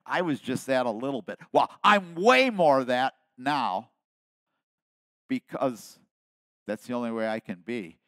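A man in his seventies preaching a sermon with passion, dropping to quiet asides and then rising to loud emphasis. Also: medium pitch, expressive, measured pace, no echo. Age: 70s. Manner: impassioned preaching, swinging between soft asides and loud emphasis. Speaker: pastor.

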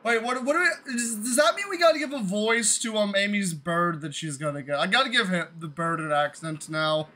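A man streaming a game, giving excitable, joking commentary and yelling at the screen. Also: high voice, a little fast, few pauses. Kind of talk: gaming commentary. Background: game music.

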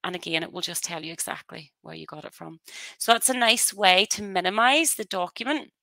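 Woman demoing software on a headset. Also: on the low side, brisk, vocal fry, dry recording. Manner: chatty, explanatory, practical asides. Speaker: software trainer. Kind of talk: webinar software demo.

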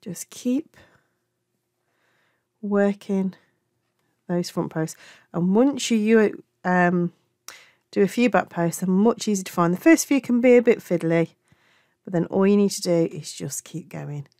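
A woman's voice: medium pitch, unhurried, mellow, dry recording, clean studio sound. Chatty woman with a Black Country accent. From England. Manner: chatty, affectionate, self-correcting. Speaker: crochet tutor. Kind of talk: crochet tutorial.

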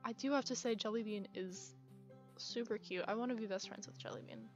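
A young woman gives casual, upbeat commentary as she plays, chatting and thinking aloud in a fairly high voice. The recording is a little muffled, and the game's music plays softly beneath her. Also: fairly quick. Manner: chatty, upbeat, self-talking. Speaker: gaming video creator.

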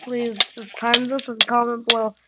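High-voiced woman rambling over gameplay. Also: flat delivery, normal speed. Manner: chatty, rambling, breaks into soft sing-song. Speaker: gamer. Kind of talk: casual gameplay commentary. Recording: loud background noise.

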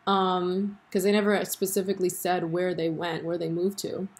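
A woman's voice: fairly low pitch, moderate pace. Chatty young woman vlogger. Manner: chatty, animated, lots of fillers and laughs. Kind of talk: casual chat about a TV show.

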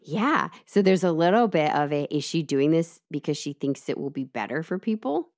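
A woman casually retelling a true-crime case to her co-host, chatty and lively, with asides. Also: low voice, moderate pace. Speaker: podcast co-host telling the case.

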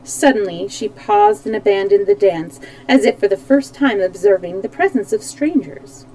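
Woman, storybook reading, calm, steady, mellow, occasional self-corrections, live stream at home. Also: medium pitch, normal speed, low-quality recording. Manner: calm, even reading with small slips. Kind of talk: reading a children's book aloud.

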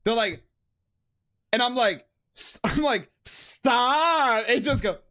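Animated, slangy male game streamer. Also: extremely high pitch, measured pace. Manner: slangy, profane, laughs often. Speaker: live streamer. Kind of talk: casual gaming commentary.

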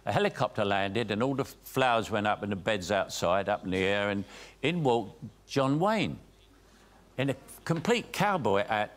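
A man's voice: fairly low pitch, expressive, moderate pace. An older man with a London Cockney accent telling an anecdote as a talk show guest. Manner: storytelling with acted quotes and laughs. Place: TV studio. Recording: TV clip with faint studio noise.

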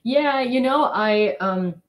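A woman's voice: a little high, slow. A young woman streamer telling a long casual story to her chat, rambling with many "like"s and restarts and laughing often.

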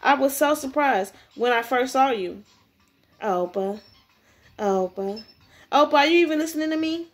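Woman reading as a sugary, clingy schoolgirl who coos and pesters, lightly raised pitch. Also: animated, moderate pace, long pauses. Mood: pestering. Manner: sweet, coaxing, pestering.

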